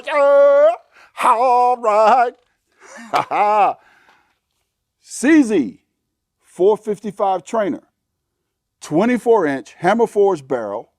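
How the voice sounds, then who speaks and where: A man hosting a shooting vlog outdoors at a range, chatting folksy to viewers and getting excited at good shots. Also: a little high, dry recording, studio quality. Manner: excitable, hollers when shots land. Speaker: shooting channel host. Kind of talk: casual vlog talk to camera.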